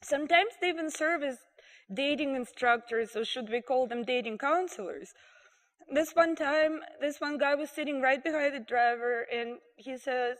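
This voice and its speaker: A woman telling animated, amused stories to a live audience. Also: high voice, normal speed. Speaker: storyteller. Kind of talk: live storytelling. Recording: reverberant live venue.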